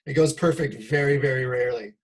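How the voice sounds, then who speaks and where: A man with an average-pitched voice interviews a former player from the coach's side. He talks in a measured, thoughtful way, dropping the odd "you know" as he works through his points. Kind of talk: casual interview talk.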